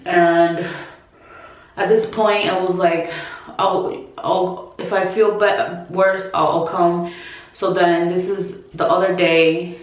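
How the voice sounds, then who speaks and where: She has a fairly low voice with little pitch movement and speaks slowly, sharing a personal story with her followers. Casual and chatty, she uses lots of "like," restarts and acted-out quotes, in a very echoey room.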